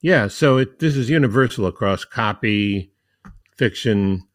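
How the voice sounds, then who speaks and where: A man hosts a podcast in a fairly low voice, working through his points one by one and reading passages aloud. His delivery is conversational and the sound is dry and close. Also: expressive, unhurried, no room sound. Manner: explains points in a numbered list, reads quotes aloud. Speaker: podcast host. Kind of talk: conversational podcast talk on marketing.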